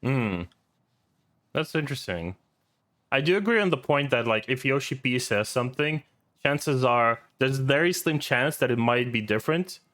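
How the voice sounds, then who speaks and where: A man's voice: mid-range voice, animated, normal speed, fairly bright tone. A man streaming and reacting to a video in casual, rambling commentary, swearing often and laughing easily.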